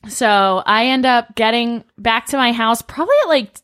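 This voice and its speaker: A woman's voice: a little high, normal speed, fairly bright tone, clear, resonant tone. A woman hosting a casual chat podcast, giggling and poking fun at herself. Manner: giggly, self-mocking. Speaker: podcast host.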